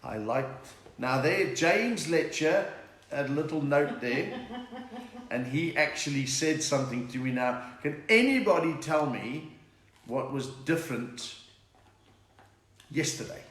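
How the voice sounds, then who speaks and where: A man's voice: fairly high pitch, expressive, takes it slowly, a bit bright. Chatty man, echoey room. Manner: chatty, reads out viewer names and greetings, jokey. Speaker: comedian hosting a live stream. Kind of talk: casual live-stream chat. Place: room at home. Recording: roomy echo with faint noise.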